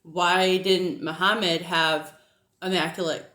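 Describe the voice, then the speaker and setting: A Christian apologetics video host with a faint Southern American twang talks casually about faith in a teaching monologue, laughing often and using many fillers. Her fairly low voice is steady, slow, pushed and bright. The room is echoey.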